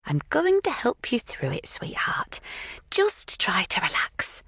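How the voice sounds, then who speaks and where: A woman's voice: fairly high pitch, huge pitch swings, slow pace, sharp tone, husky, no echo, whispered, studio quality, voice pushed up, heavily acted. A woman voicing a creepy older woman who keeps her captive with a falsely sweet, sing-song, soothing manner. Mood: whispered.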